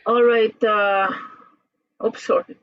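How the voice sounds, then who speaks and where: A language teacher leading an online class in a relaxed, halting way with many fillers, heard over a video call. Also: mid-range voice, no echo, highs cut off.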